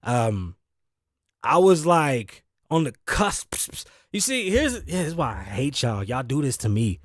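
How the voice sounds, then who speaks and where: A man's voice: mid-range voice, big pitch swings, slow pace, dry recording, studio quality. A man from the Bronx, hosting his own show in a rambling, profane, self-deprecating monologue, sounding tired. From New York, the Bronx. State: sleepy, tired. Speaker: host. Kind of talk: casual solo talk show monologue. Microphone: studio mic through audio interface.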